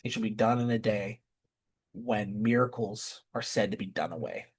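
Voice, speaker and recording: A man's voice: lowish voice, normal speed, breathy edge. A man giving impassioned scripture commentary, emphatic and repeating rhetorical questions. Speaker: scripture teacher.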